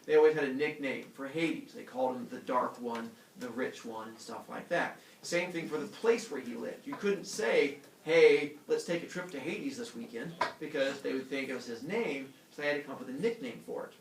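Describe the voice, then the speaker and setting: This man lectures briskly in a mid-range voice with vocal fry and few pauses, joking around and acting out voices. Captured from far off in a roomy classroom, the audio has a little hiss or hum.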